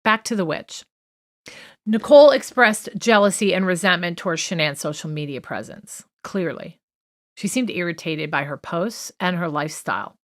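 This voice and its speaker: A woman co-hosting a true crime podcast works through a list, chatty and opinionated, full of fillers and asides. Her voice is lowish and a bit bright.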